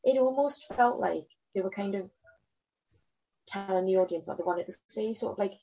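A woman in casual podcast chat, soft-spoken and ending her points with questions. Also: mid-range voice, normal speed, muffled recording.

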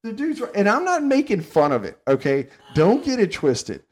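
A man from the Southern United States hosting a podcast, telling stories in a casual, animated way and laughing often. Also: sits high, normal speed. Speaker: podcast host. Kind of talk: casual chat.

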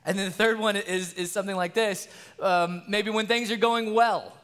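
A male pastor with a notably high voice delivers a sermon in an earnest, conversational manner. His words ring out with a long reverb from a church hall. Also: fairly even intonation, moderate pace, fairly bright tone. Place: church sanctuary.

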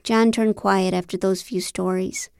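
Woman reading a novel out loud, deadpan and wry, super dry studio mic. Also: mid-range voice, a little slow, vocal fry, smooth, no echo. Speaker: audiobook narrator. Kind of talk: scripted first-person narration.

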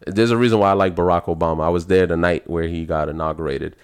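Animated man telling a wild story. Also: fast, clear, resonant tone. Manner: animated, profane, jumps up in pitch for emphasis. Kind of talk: casual storytelling chat.

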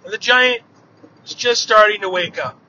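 A man retelling an old myth aloud in a relaxed, vivid storytelling manner. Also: high voice, moderate pace. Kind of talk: oral storytelling of myths. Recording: dull lo-fi with faint noise.

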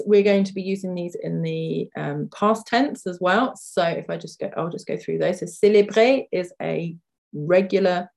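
A woman from the UK teaching vocabulary in a podcast lesson, chatty with fillers, slowing down to repeat words carefully. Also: low voice, a little mellow. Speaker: French teacher.

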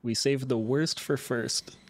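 A man's voice: mid-range voice, fairly even intonation, slow. A man co-hosting a podcast, dropping dry, teasing one-liners. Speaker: podcast co-host. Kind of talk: casual chat.

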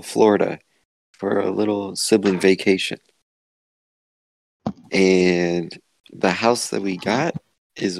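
A man's voice: lowish voice, creaky, darkish tone, no echo. A young man co-hosting a casual podcast, teasing the others and rambling through stories with frequent laughs. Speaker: podcast co-host.

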